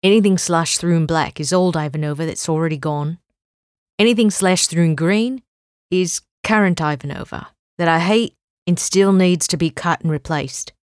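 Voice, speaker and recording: A woman's voice: on the low side, normal speed, no room sound, clean studio sound, lightly acted. A woman reading an audiobook and voicing a brash, crude older man who talks bluntly, sounds cocky, and swears.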